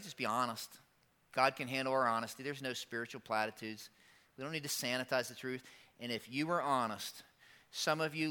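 Male pastor, bright ringing voice, sermon delivery that swings from hushed to loud, church setting. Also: clean tone. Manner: dynamic preaching, drops soft then builds loud and high. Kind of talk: Easter sermon.

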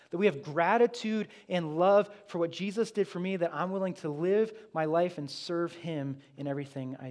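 A man preaching a sermon in a conversational, emphatic way, often slipping into quoted asides. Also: high-pitched. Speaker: pastor.

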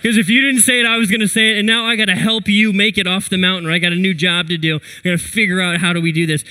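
A man preaching a sermon, telling a personal story in an animated way and acting out his own quotes. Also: sits high, racing. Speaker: pastor.

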